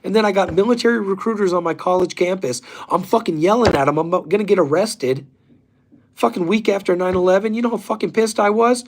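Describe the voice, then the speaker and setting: A man's voice: sits high, a little fast, a little hiss or hum. A man in his forties hosting a livestream, talking in a rambling, profane and fired-up way. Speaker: livestream host. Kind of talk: rambling casual chat.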